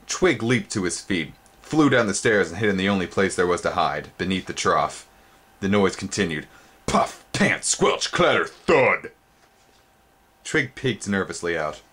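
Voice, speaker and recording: A deep-voiced man reads a storybook aloud with a theatrical flair. His voice leaps upward on exciting words and slows to linger on them. He stops now and then to show the book's pictures. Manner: theatrical, sudden pitch jumps on exciting words. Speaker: storybook reader. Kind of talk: dramatic storybook reading.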